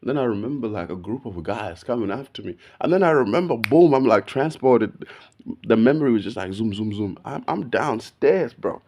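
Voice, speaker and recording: A man, telling a story in a casual, slangy, animated way, saying "bro" all the time. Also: medium pitch, moderate pace. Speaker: video podcast host.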